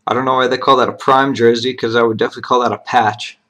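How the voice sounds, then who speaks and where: During a live box break, a middle-pitched man calls out every card and serial number at an unhurried pace, in a plain, methodical manner. His pitch barely moves and his tone is sharp, and he adds short words of appreciation when a good card comes up.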